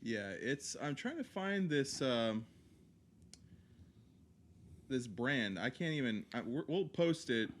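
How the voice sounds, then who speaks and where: Relaxed rambling man, podcast chat. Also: mid-range voice, takes it slowly, long pauses. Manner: relaxed, rambling talk with fillers. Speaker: podcast co-host. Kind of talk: casual chat.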